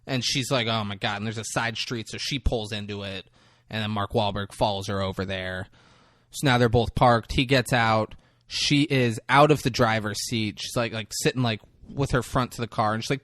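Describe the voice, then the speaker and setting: A man's voice: mid-range voice, normal speed, no echo, studio quality. A man co-hosting a podcast, casually retelling a film scene by scene and acting out the lines. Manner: animated retelling, acting out lines, laughs often. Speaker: podcast co-host recapping a movie. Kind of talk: casual chat.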